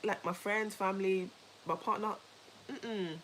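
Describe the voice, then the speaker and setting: A woman co-hosting a casual chat, telling a story in an animated, emphatic way, repeating herself and laughing easily. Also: medium pitch, measured pace, slight background noise, rough recording. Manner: laughs easily while talking. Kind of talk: casual chat with a co-host and viewers.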